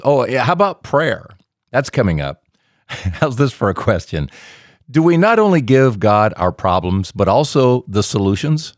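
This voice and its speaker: A man's voice: on the low side, no echo, studio quality. A man hosting a faith podcast, retelling a guest's story with folksy asides. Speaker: podcast host.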